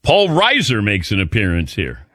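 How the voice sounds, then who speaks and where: Lively older male sports radio host. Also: lowish voice, moderate pace, dry recording. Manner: animated storytelling, chuckling asides. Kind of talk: casual sports talk. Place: radio studio.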